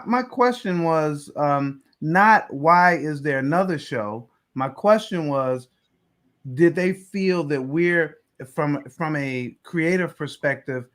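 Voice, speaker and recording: A man hosts a casual film roundtable and hands the floor to his guests. His voice sits a little high, and he talks in a relaxed, thoughtful way. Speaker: show host.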